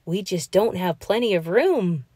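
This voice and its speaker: A woman voicing a cheerful, practical turtle mother in a storybook read-aloud, with a brisk motherly tone. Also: medium pitch, lively intonation, warm tone, slightly rough, no room sound, clean studio sound.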